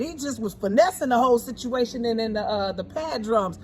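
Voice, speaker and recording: A woman in her forties, talking casually and warmly about her husband, emphatic and repeating her points. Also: fairly high pitch, lively intonation, fairly quick, few pauses, slight background noise. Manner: emphatic and repetitive, often repeating phrases. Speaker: co-host, singer. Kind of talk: casual heartfelt talk.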